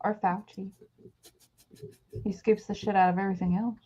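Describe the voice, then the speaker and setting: A woman's voice: medium pitch, moderate pace. A woman co-hosting a casual chat show, telling stories with jokes. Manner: animated storyteller, joking. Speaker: co-host. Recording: dull lo-fi sound.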